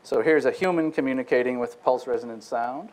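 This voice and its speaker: A man's voice: mid-range voice, brisk, a little mellow, low-quality recording. A man lecturing on a technical subject, explaining step by step and demonstrating vowel sounds with his own voice. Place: lecture room.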